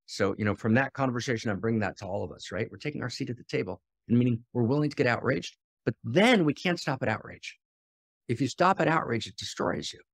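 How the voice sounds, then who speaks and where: A man hosting a spiritual teaching podcast, speaking passionately and shifting between loud exhortation and quiet, intimate asides, often repeating phrases for emphasis. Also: medium pitch, expressive, quick pace, no echo. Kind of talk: impassioned teaching talk.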